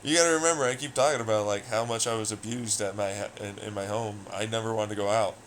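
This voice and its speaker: A man's voice: lowish voice, fairly even intonation, fast, fairly bright tone, a little hiss or hum, rough recording. A young man chatting casually on a livestream, rambling and swearing a lot in a sardonic tone. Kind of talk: casual stream chat.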